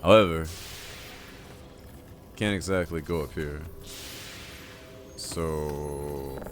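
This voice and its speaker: A man with a low, deep voice chats loosely with his viewers as he plays through a game, his nose a little stuffed up. He rambles, then bursts out loudly when something happens on screen. Game sounds sit clearly in the background. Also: very slow, slight background noise. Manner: chatty, talks to chat, loud excited outbursts. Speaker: game streamer. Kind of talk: casual let's-play commentary.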